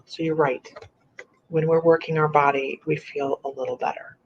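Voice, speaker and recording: A woman hosting a casual live-stream chat as a psychic medium, chatty and animated, laughing often. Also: low voice, normal speed, a little hiss or hum. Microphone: computer or phone on a live video stream. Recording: muffled lo-fi stream audio.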